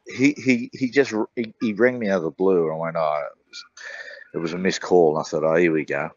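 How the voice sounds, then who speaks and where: A man's voice: sits low, fairly even intonation, fairly quick, dull audio. An Australian man, a radio co-host, rambling through casual sports-show banter with lots of stammers and mates. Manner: rambling storyteller, stammers and says mate often.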